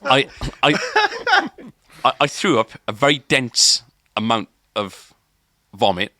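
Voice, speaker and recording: Bright-voiced man telling a story. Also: mid-range voice, huge pitch swings, slow, no room sound, clean studio sound. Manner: rambling, many restarts and "kind of" fillers. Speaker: podcast co-host. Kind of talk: casual storytelling.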